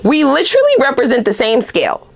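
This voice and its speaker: A woman giving a casual tarot reading to her viewers, animated and blunt, swearing freely and laughing often. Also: high-pitched, quick pace, creaky. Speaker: tarot reader.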